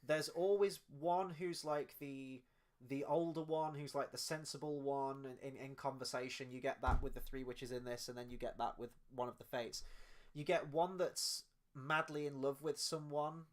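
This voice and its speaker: A man's voice: mid-range voice, steady tone, moderate pace. Rambling casual male film reviewer. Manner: rambling, many restarts and fillers. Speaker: podcast co-host.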